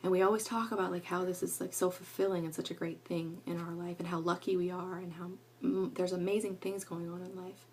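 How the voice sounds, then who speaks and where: A woman's voice: on the low side, little pitch movement, fairly quick, hardly any pauses, darkish tone, slight background noise. A middle-aged woman talking casually to camera at home, rambling and earnest with lots of fillers. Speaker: parenting vlogger.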